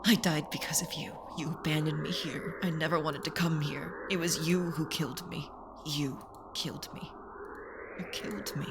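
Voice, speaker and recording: A woman's voice: steady tone, noisy background. A woman voicing a mournful dead young pigeon. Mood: accusing. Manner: low, slow, hushed and heavy. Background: game music.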